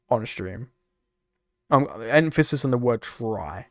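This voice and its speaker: A man's voice: medium pitch, animated, slow, a bit bright, dry recording, clean studio sound. A young British man chatting casually on a live stream, laughing often and swearing freely as he reacts to chat. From United Kingdom. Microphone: desk microphone.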